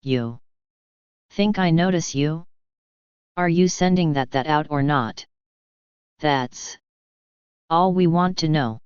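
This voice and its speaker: A narrator reading the lines of a hot-tempered, blustering older uncle in a slow storybook voice. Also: mid-range voice, clean tone, no echo, close to an everyday voice. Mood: scornful. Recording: slightly dull, dry recording.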